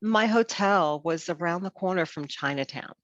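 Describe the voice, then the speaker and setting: A woman's voice: on the low side, normal speed, dry recording, highs cut off. A woman host in a casual chat, rambling with lots of "you know" and restarts. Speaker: podcast host.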